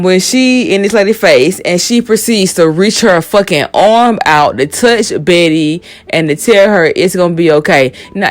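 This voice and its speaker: A woman gives her casual recap of a show. Her talk is blunt, profane and heated, with her opinions fired straight out. Faint music sits under her voice. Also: fairly low pitch.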